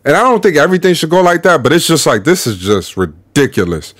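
A man's voice: a little high, sing-song, quick pace, dry recording. A man hosting a reaction video, giving slangy, exasperated commentary.

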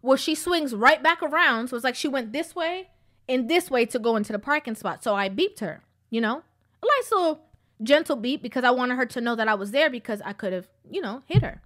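Woman, high voice, casual storytelling, preachy, repeats herself for emphasis. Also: lively intonation, fairly quick, a bit bright.

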